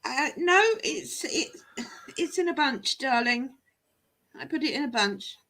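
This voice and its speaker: A woman's voice: high-pitched, lively intonation, a little slow, pushed and bright. A woman chatting casually on a live stream as co-host, laughing often and mimicking regional accents.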